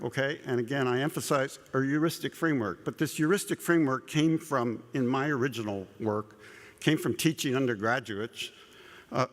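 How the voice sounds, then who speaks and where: A man's voice: medium pitch, fairly bright tone. Man lecturing in an echoing hall. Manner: conversational, repeats words, asides with humor. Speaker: conference speaker. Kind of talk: plenary scientific lecture. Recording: long echo of a large hall.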